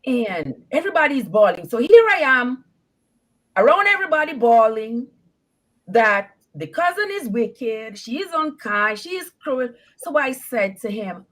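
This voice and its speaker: Animated woman caller recounting her story, lively pitch, laughs a lot and acts out voices. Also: a little slow. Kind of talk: telling a personal story on a call-in show.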